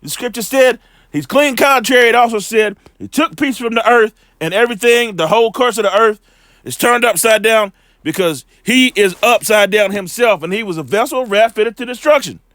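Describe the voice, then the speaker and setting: A man giving a loose, slangy scripture lesson, full of fillers and repeated "all right", slowing down when he reads the verses. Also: high-pitched, animated, fairly bright tone, dry recording. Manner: reads scripture slowly and deliberately. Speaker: bible teacher.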